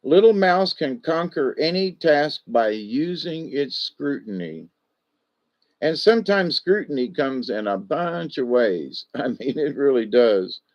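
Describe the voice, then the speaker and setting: A man's voice: mid-range voice, big pitch swings, unhurried. A man giving casual spiritual animal card readings in a drawling, folksy way, chuckling often, with a dull lo-fi sound.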